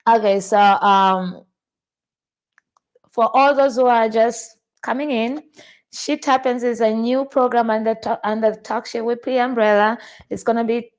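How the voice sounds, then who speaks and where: A high-pitched woman from Tanzania hosts a relaxed podcast conversation. She tells personal stories with animation, often restarting with doubled words before she gets going. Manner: animated storytelling, repeats words when starting sentences. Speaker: podcast host. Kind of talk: casual podcast chat.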